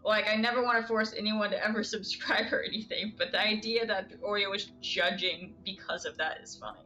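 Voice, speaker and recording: Streamer woman, bright and forceful tone, chatty and giggly, answering chat live. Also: mid-range voice, fairly even intonation, fairly quick. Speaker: game streamer.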